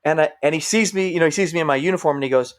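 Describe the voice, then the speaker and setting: Middle-aged guy telling firehouse stories on a podcast, fairly high voice, keeps doing the other people's voices. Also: very fast. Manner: animated storyteller, acts out quoted voices. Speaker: podcast guest, firefighter. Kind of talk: casual storytelling.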